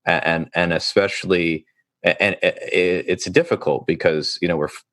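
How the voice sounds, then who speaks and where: A man's voice: low voice, steady tone, moderate pace, fairly bright tone, no echo, clean studio sound. A male therapist hosting a podcast interview, talking in a thoughtful, rambling way with many fillers and restarts. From United States.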